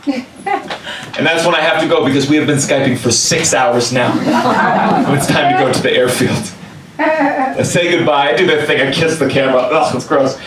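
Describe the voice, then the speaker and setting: A male comedian telling a story on stage, animated and exaggerated, sometimes shouting. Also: on the high side, normal speed, heavy background noise. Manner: animated, exaggerated quoted voices, bursts of shouting. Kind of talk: stand-up storytelling. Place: club stage with a laughing audience. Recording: echoey room, mic from a distance, crowd laughter.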